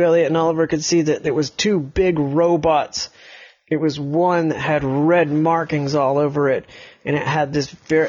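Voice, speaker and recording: A man spins a bedtime story as he goes, slow and halting, often restarting his sentences. His voice sounds dull and lo-fi, like a home recording. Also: fairly high pitch. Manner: hesitant, halting with many restarts.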